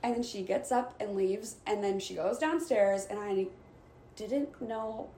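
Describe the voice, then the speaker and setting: A woman's voice: medium pitch, measured pace. A young woman in her twenties telling a candid dating story in casual chat, acting out what people said. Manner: candid, animated storytelling with acted-out quotes. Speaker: podcast guest. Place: room in Los Angeles. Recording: echoey room, faint background hiss.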